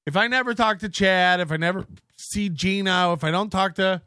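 A man's voice: high voice, normal speed, pushed and bright, clear, resonant tone, no room sound, clean studio sound. A man hosting a podcast, ranting in a mocking tone and laughing often. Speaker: podcast host. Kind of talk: ranting commentary.

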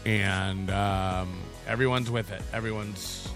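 A man's voice: on the low side, fairly even intonation, takes it slowly, a bit bright, faint music behind. A man hosting a casual livestream, rambling and self-mocking, with frequent swearing. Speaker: livestream show host.

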